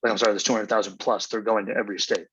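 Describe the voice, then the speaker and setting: Husky-voiced man ranting angrily. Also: fairly low pitch, fairly even intonation, very fast, a bit bright, no room sound, lo-fi sound. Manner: angry, profane, exasperated ranting. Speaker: podcast host. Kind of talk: solo rant monologue.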